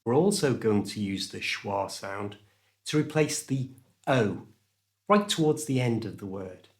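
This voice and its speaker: A British man talks slowly through a pronunciation lesson, and his voice rises and falls a lot. He enunciates each sound with care and demonstrates every example clearly. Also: on the low side, animated. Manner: clear, slow, careful enunciation with exaggerated examples. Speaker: English teacher.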